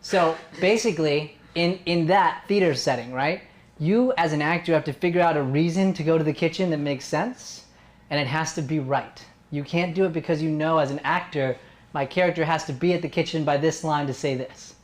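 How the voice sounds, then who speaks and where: A man's voice: on the high side, brisk. A man coaching teen actors through a scene, joking and pushing them for energy. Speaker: acting coach.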